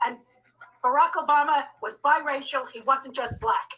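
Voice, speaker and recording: A woman's voice: sits high, moderate pace, pushed and bright, low-quality recording. An older woman, a student's grandparent, speaking firmly and dismissively and cutting in during a class. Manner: firm, dismissive, interrupting.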